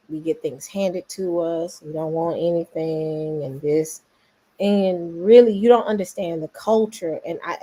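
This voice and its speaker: Southern woman chatting casually. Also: lowish voice. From Memphis, Tennessee. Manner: animated, rambling, talks to viewers. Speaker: vlogger host. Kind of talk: casual commentary vlog.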